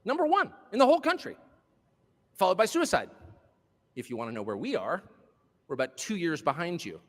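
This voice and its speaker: A man's voice: sits high, wildly swooping pitch, a little fast, fairly bright tone. A man giving a political speech to a live audience, impassioned and sardonic, with mocking asides. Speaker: speaker addressing a live audience. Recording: long hall reverb.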